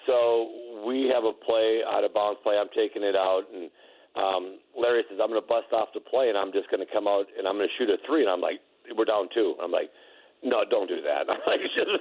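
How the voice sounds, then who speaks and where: A man's voice: lowish voice, fairly quick. A man, a former basketball player, telling rambling, laughing anecdotes with many restarts. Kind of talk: casual storytelling. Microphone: phone. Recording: tinny phone line.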